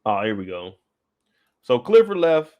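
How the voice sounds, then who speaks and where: Animated man ranting on a live after-show. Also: mid-range voice, unhurried, dry recording, dull audio. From Kansas City, US. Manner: animated, profane, laughing, rants loudly at characters. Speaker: show host.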